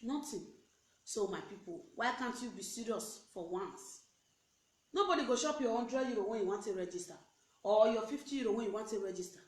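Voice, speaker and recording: A woman's voice: on the high side, fairly quick. Preachy Nigerian woman, echoey room. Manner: animated, preachy, mixes pidgin with English. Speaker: network marketing recruiter. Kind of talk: motivational live video rant.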